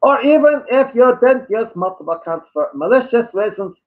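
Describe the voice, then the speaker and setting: A man's voice: very high-pitched, animated, moderate pace, voice pushed up. A man voicing a condescending male online commenter in a put-on thick accent, lecturing and sneering. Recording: tinny phone-like audio.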